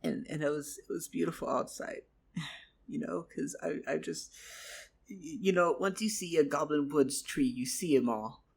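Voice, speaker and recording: A man's voice: a little high, unhurried, vocal fry, slightly rough. A man telling a rambling improvised fantasy story, repeating his words and swearing casually. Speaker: vlogger.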